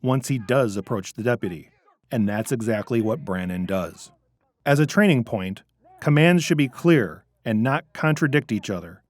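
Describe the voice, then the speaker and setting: A man narrating a scripted training video in a measured, instructive way. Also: mid-range voice, animated.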